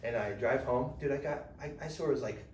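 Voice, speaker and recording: A man's voice: mid-range voice, fairly quick, darkish tone. A young man on a podcast, telling a long rambling story in casual slang and acting out quotes. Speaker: podcast host. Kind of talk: casual chat. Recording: echoey room, mic at a distance, faint noise.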